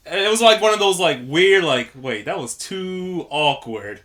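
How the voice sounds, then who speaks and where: A young man co-hosting a casual podcast, telling lively stories and acting out the people in them. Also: sits high, normal speed. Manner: animated storyteller, acts out quotes. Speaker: podcast co-host. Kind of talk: casual chat.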